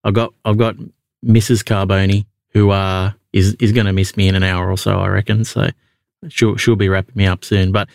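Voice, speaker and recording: A man's voice: deep voice, flat delivery, moderate pace, vocal fry, darkish tone, no room sound, clean studio sound. An Australian man hosting a podcast call-in show, chatting in a laid-back, matey way. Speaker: podcast host. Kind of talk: casual call-in chat.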